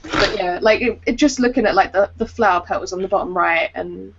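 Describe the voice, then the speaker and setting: A woman co-hosting an art podcast in casual chat, giggly and animated. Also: mid-range voice, fairly quick, creaky, dull audio, noisy background. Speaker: podcast co-host.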